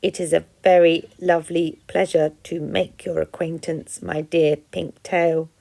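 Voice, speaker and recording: A stiff female robot speaks in slow, careful, overly formal sentences, as a woman reading a storybook puts her on. Her voice sits low with a faint gravelly edge, measured and even.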